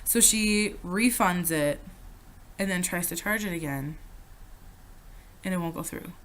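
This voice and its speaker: A woman's voice: on the low side, a little slow, a bit bright. A young woman chatting through a storytime vlog, swearing freely and losing her train of thought. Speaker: vlogger.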